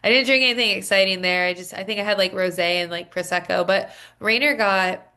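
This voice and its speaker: A woman's voice: mid-range voice, fairly quick, bright, forceful tone, clear, resonant tone. A woman co-hosting a podcast, telling stories in a casual chat full of fillers like "like" and "um". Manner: chatty storytelling with many fillers. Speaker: podcast co-host.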